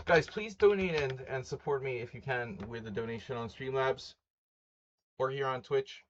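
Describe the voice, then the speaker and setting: A man's voice: medium pitch, highs cut off. A man hosting a chess stream in a chatty, wry way, listing rules and greeting viewers. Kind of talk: casual live-stream chat.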